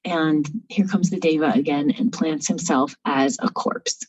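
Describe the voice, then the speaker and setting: A woman telling a story aloud in an informal, animated way with frequent fillers. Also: low voice, unhurried, husky, lo-fi sound. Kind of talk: spoken storytelling.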